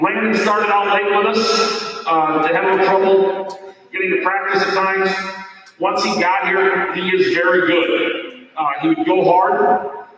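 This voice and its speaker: A man's voice: sits high, fairly bright tone. A middle-aged man, a football coach, giving an end-of-season awards speech in a folksy, rambling way with many fillers and restarts. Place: large echoey hall at an awards night. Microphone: far from the microphone. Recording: echoey hall from far off.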